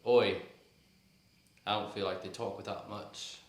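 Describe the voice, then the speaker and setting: Brief: deep-voiced young male podcast host, joking and teasing, echoey room with faint hiss. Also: completely flat delivery, a little fast, a bit bright. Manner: joking, teasing, laughs easily. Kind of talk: casual chat.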